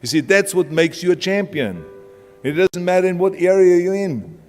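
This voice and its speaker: His voice sits high and a little mellow at a moderate pace. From Austria and carrying an Austrian accent, this motivational speaker is blunt, emphatic and plain-spoken, giving his speech in a large hall with reverb and music below.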